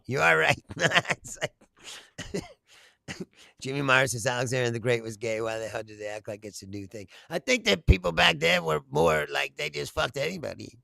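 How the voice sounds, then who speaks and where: A man with a very gravelly, bright, somewhat high voice hosts an off-the-cuff political comedy chat, reading out viewer comments. He swears freely and breaks into laughter between animated rants. The sound is close and dry, with no room echo. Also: normal speed.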